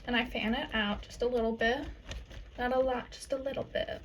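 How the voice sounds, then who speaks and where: This makeup vlogger is a young Southern US woman whose fairly high, steady voice moves at a moderate pace over slight background noise. Her tutorial talk is casual and chatty, loaded with "like" and "um" in valley-girl style.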